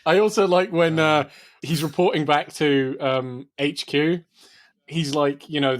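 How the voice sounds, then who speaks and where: A man's voice: fairly high pitch, steady tone, measured pace. A man co-hosting a casual film podcast, laughing often, swearing, and acting out movie lines. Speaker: podcast co-host.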